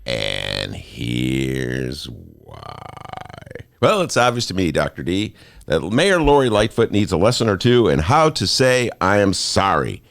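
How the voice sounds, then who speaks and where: A man's voice: fairly low pitch, very animated, moderate pace, dry recording. A man hosting a talk show in a studio, joking and self-mocking in a playful monologue. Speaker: host.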